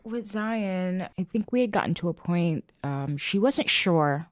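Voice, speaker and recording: Woman, lowish voice, dry close sound, earnest and thoughtful conversational delivery. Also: expressive, dry recording. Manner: earnest, thoughtful, pauses with fillers. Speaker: podcast guest, parent. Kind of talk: casual conversation.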